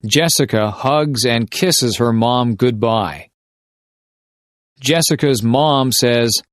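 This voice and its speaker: A man reading simple short stories slowly and deliberately for English shadowing practice. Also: medium pitch, no room sound, studio quality. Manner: deliberate, carefully paced reading of short sentences. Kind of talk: slow scripted story reading for shadowing practice.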